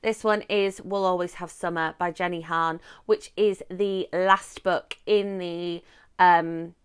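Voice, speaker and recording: A woman vlogging about books from home, chatting casually and rambling before bursting into excited squeals. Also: on the low side, takes it slowly, clean tone. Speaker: book vlogger. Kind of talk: casual chat to camera. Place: home room.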